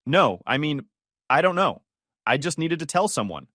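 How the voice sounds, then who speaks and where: Pleading young woman in debt, a male narrator reading her, lively up-and-down delivery, dry close sound. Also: a little high, moderate pace, dry recording. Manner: pleading, tearful.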